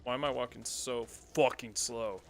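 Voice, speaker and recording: A man's voice: medium pitch, steady tone, normal speed, vocal fry, a little hiss or hum. A man streaming a horror game, giving casual commentary full of swearing and sarcastic reactions.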